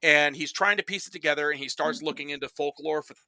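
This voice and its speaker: A man retelling film plots in casual podcast chat, animated and swearing freely. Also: fairly high pitch, fast talker, no room sound. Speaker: podcast guest reviewing films.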